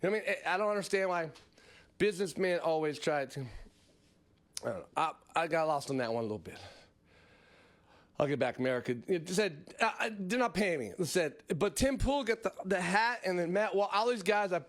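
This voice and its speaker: Lively, high-voiced rambling podcast host. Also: male voice, a little fast. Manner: rambling, laughing, mocking asides. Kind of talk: casual comedic monologue.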